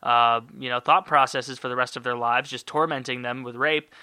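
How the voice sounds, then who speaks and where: Send-up voice: a man playing a naive, earnest apologist, pitched up, sharp and dry. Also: fairly even intonation, moderate pace, clean tone, no echo. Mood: mock earnest. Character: mocking naive defender, adult man, earnest and gullible.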